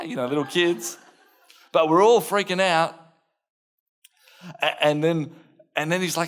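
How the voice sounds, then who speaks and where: An Australian man preaching a dramatised sermon, playing an impulsive, blunt fisherman disciple who tells his story in first person with earnest warmth and self-mocking humour. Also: fairly high pitch, moderate pace, long pauses. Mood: lively storytelling.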